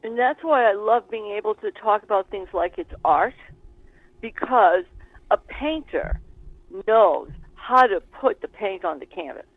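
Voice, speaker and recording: A woman's voice: medium pitch, lively intonation, measured pace, no echo. A woman guest and spiritual author, explaining her ideas in an earnest, expansive conversational way, with plenty of examples. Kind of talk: conversational teaching. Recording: tinny phone-like call line.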